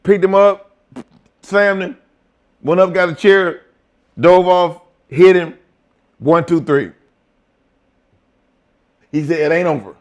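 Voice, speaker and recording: A middle-aged man telling profane, animated stories as a guest in a shoot interview. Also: high-pitched, slow pace, pauses often, muffled recording. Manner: profane, animated storytelling with acted quotes. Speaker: interview guest, former wrestler.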